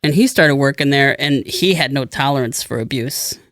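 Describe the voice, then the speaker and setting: A man's voice: medium pitch, normal speed, fairly bright tone, dry recording, clean studio sound. A middle-aged man co-hosting a casual podcast, telling a long rambling anecdote and acting out the people in it. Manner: rambling storyteller who acts out quoted people. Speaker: podcast co-host. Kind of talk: casual chat.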